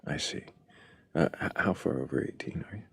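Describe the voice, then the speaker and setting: A man's voice: animated, brisk. A man hosting a live talk stream in a dry, teasing way. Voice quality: deep gravelly voice. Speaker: host.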